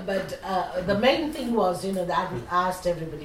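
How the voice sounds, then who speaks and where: A middle-aged woman, a meditation teacher telling a spiritual story in an animated way, often saying "you know". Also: on the low side, slow pace, over a noisy crowd. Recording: echoey room, distant mic, faint hiss.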